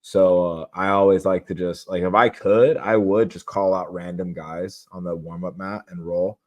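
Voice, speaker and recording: Man, deep voice, even and flat delivery, young adult podcast guest, candid, casual. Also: normal speed. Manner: relaxed, candid, rambling with restarts. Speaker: podcast guest, jiu-jitsu competitor. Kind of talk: casual interview talk.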